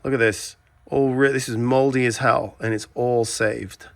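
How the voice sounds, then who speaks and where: An Englishman with an English accent, who owns a video transfer shop, films a casual vlog from his shop at night, talking bluntly and chattily with ranting asides. His mid-range voice is creaky and unhurried, with fairly even intonation and no echo.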